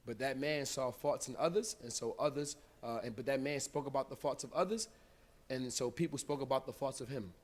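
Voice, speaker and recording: A man from the United States preaching live in a mosque, with a mid-range voice. His talk is loose and informal, with plenty of slang. He swings from loud, punchy lines to very quiet, intimate ones. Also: medium pitch, brisk. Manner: informal street-style speech with big swings of volume. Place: mosque hall.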